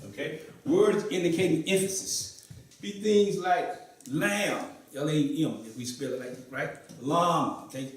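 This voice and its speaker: A man's voice: fairly high pitch, measured pace, darkish tone. A man teaching Arabic to a class in a mosque, often asking questions and repeating students' answers. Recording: echoey room, voice from far off.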